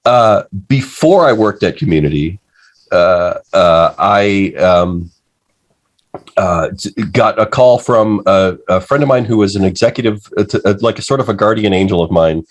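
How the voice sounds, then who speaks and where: A man telling a story as a podcast guest, halting, with many uh's and restarts. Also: fairly low pitch, lively intonation. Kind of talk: casual podcast chat.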